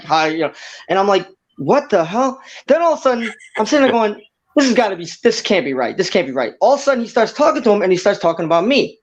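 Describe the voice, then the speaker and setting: High, fast-talking excitable man. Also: muffled recording. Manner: excitable, animated storyteller who laughs mid-story. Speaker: fighter guest. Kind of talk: casual storytelling on a video call show.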